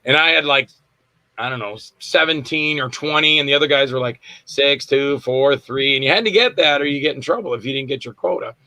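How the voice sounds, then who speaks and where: A man's voice: mid-range voice, brisk, pushed and bright, no room sound, low-quality recording. A man being interviewed as an actor, telling rambling anecdotes and acting out the quotes with laughs. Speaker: actor guest. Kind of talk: casual storytelling interview.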